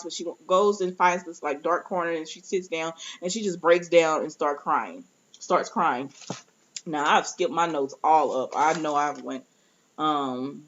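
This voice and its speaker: Chatty young woman recapping a show. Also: mid-range voice. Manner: animated storytelling, acts out quotes, laughs often. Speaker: TV recap vlogger. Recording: slightly dull lo-fi audio.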